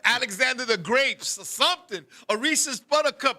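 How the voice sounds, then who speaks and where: A man co-hosting a talk show, telling a comic story in an animated, profane way and acting out scenes with sudden shouts. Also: very high voice, normal speed. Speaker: podcast co-host.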